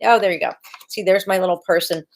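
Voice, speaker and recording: A woman hosting a live-stream coaching session, talking in an energetic, chatty way and repeating her key words. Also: mid-range voice, fast talker. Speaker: video coach hosting a livestream.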